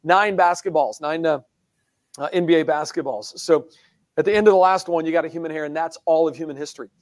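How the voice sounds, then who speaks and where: High-voiced emphatic man, dry sound. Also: fast talker, dry recording. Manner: emphatic, animated, many restarts, mocking mimicry. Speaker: guest speaker. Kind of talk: presentation in a live-streamed discussion.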